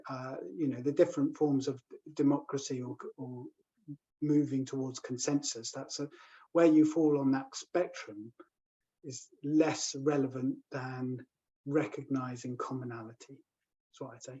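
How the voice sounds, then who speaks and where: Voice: mid-range voice, fairly even intonation, a little slow, mellow. Thoughtful speaker on dull, lo-fi call audio. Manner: thoughtful, hesitant, searching for words. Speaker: panel guest from an off-grid community. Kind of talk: online panel talk. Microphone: video call.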